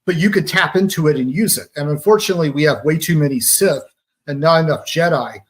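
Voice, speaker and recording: A man's voice: fairly high pitch, fast. Man explaining propaganda with pop analogies. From Georgia, US. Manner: analytical, uses pop-culture analogies. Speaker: radio show guest. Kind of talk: conversational explaining.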